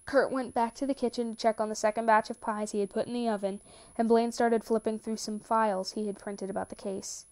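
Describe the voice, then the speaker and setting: A woman reading a romance story aloud with steady, calm narration. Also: fairly high pitch, fairly quick. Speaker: reader. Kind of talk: reading fan fiction aloud.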